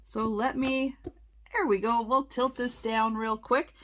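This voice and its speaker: Woman, vlogger, casual unboxing chat, full of oohs and gasps, unhurried. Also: on the high side, steady tone, fairly bright tone. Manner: slow, exclaiming, lots of oohs and gasps. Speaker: reseller vlogger.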